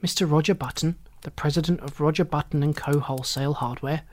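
A narrator reading a classic story aloud in a measured, formal storytelling manner. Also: medium pitch, steady tone. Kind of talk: literary audiobook narration.

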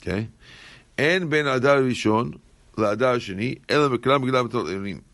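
In a dry, close recording with no room sound, a man teaches a Talmud class, reading each Aramaic line aloud and then explaining it in plain English. He often repeats phrases as he works through the text. His pitch is ordinary middle range, his speed normal, and his tone fairly bright.

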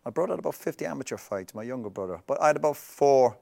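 An Irish man co-hosting a casual chat, talking in a relaxed, modest way. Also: mid-range voice, rapid-fire, creaky. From Ireland. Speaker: podcast co-host.

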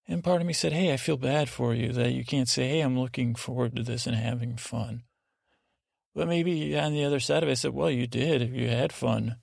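A man's voice: mid-range voice, steady tone, a little fast, gravelly, a little mellow, dry recording, studio quality. A man hosting a sleep podcast, rambling through a meandering bedtime monologue that keeps interrupting itself and slips into mock voices. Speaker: podcast host.

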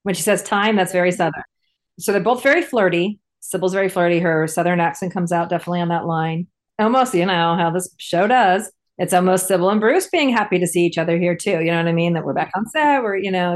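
Chatty woman co-host, lowish voice. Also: brisk. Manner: rambling, chatty, lots of fillers. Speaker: podcast co-host. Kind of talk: casual episode recap chat.

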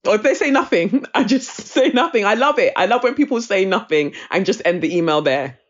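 Brief: woman guest, blunt and lively chatter, slightly dull lo-fi sound. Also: medium pitch, fairly quick. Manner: direct, animated storyteller who puts on voices. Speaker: podcast guest. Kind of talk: casual chat.

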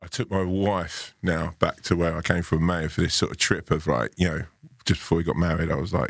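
Deep-voiced man telling a rambling story. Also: steady tone, fairly quick, vocal fry, husky, no echo, clean studio sound. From Ireland. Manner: rambling, full of "like" and "sort of". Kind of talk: casual storytelling.

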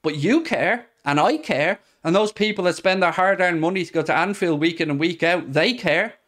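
A man's voice: high voice, moderate pace, fairly bright tone. A man, hosting a podcast, ranting about football in a heated, sarcastic way. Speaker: podcast host. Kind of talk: passionate football rant.

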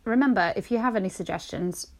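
A woman's voice: mid-range voice, quick pace. A woman co-hosting a casual podcast, playful and giggly as she chats through a guessing game. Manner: playful, giggly, puts on a loose southern-style accent. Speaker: podcast co-host.

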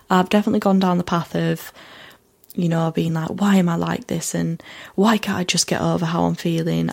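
A woman hosting her own podcast, talking through a personal reflective monologue in an earnest, gentle way, with many "you know"s and "like"s. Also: on the low side, creaky. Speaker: podcast host.

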